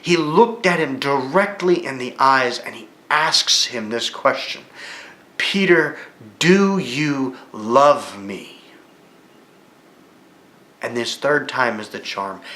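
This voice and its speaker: A man teaching a Bible study lesson in a church, retelling the story vividly and rising with excitement at key moments. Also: mid-range voice, a little slow, few pauses. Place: church room. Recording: echoey room.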